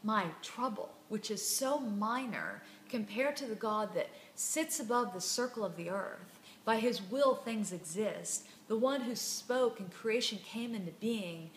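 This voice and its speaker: A woman's voice: medium pitch, unhurried, few pauses, echoey room, slight background noise. A woman hosting a devotional Bible reflection, speaking earnestly and emphatically and repeating words for stress. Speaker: podcast host.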